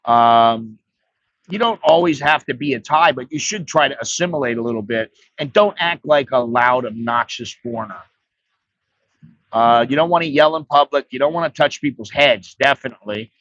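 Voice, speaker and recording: A man's voice: medium pitch, animated, moderate pace, fairly bright tone, no echo, dull audio. An American man giving blunt, profane, rambling advice on a casual livestream. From United States. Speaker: vlogger.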